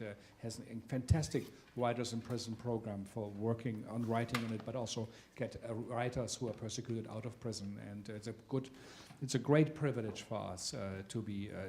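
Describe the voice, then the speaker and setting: A man's voice: medium pitch, a little mellow, a little hiss or hum. A man delivers a welcome speech to a theater audience as the director of the venue. His voice sits in the middle of the male range, and he halts often with filler sounds while he searches for words. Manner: halting, with many filler sounds.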